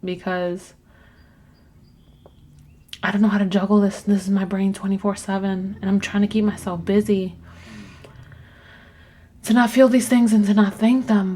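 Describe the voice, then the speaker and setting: A woman's voice: medium pitch, level tone, normal speed, pauses often, dark tone, a little hiss or hum. Candid swearing woman podcaster. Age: adult with children. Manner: candid, swears casually, trails off and restarts. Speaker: podcast host. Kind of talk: rambling personal monologue.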